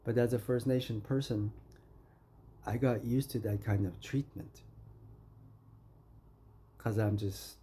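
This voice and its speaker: A man's voice: on the low side, fairly even intonation, takes it slowly, pauses often, dark tone, a little hiss or hum. A man from Canada in a rambling, confrontational monologue, talking straight at someone he keeps calling friend. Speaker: vlogger. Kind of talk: ranting monologue.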